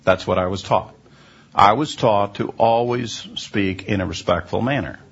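A man with a low, gravelly and husky voice gives a question-and-answer Bible teaching. He explains things patiently and unhurriedly, stopping often on "uh" as he searches for words. The recording sounds dull and lo-fi. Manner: unhurried, explanatory, frequent "uh" hesitations.

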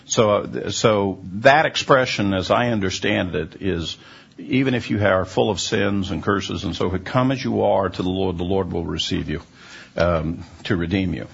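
Gravelly low-voiced man teaching scripture. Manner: unhurried, explanatory, frequent "uh" hesitations. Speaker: messianic teacher answering listener questions. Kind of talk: question-and-answer Bible teaching. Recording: dull lo-fi recording.

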